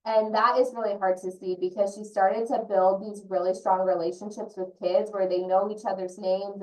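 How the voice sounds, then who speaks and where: A woman's voice: mid-range voice, a little mellow. Earnest woman on a roomy distant mic. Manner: earnest, personal, heartfelt. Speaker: early childhood consultant and parent. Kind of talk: presenting in an online training session.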